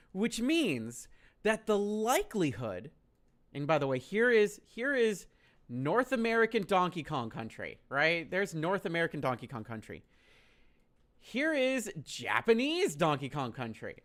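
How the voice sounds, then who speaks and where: Male streamer telling a story in an exasperated, profane way; wide pitch swings, slow delivery. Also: sing-song, fairly bright tone.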